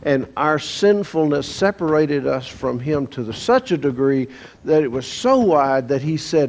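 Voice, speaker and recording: A man's voice: a little high, expressive, a little slow, darkish tone. A man with a Texan accent teaching a Bible lesson in a folksy, explanatory storytelling manner. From Texas, USA. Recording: dull lo-fi recording with faint hiss.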